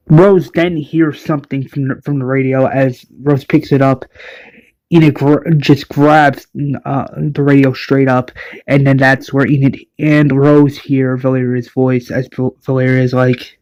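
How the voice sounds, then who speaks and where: A man's voice: medium pitch, flat delivery, a little slow, a little mellow. A man casually narrating a recap of his own fan-made series. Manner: casual, loose, filler-heavy.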